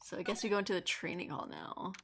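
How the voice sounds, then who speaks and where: A woman's voice: lowish voice, animated, fast, gravelly, a bit bright, slight background noise. A young woman streaming a game, making crude, swearing, joking asides between the dialogue. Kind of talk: casual gameplay commentary. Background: game music.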